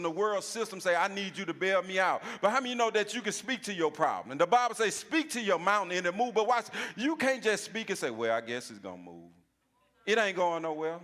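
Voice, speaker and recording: A pastor, preaching a sermon and calling out asides to the congregation. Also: male voice, high voice, a bit bright. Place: church sanctuary. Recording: long church reverb.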